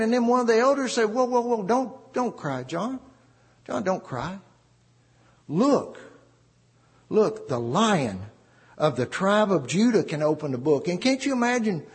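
A man preaching a sermon, emphatic and repeating phrases for stress, with a husky voice. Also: high-pitched, big-room sound.

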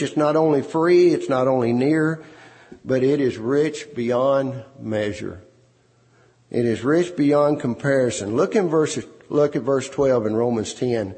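A man's voice: mid-range voice, a little slow, mellow. A man preaching a sermon, repeating words and phrases for emphasis. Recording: long hall reverb.

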